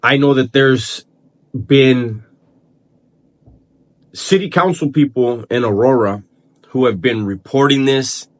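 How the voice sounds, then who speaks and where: Halting man hosting a vlog. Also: medium pitch. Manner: halting, repeats words and restarts while thinking aloud. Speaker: channel host. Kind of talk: casual vlog commentary.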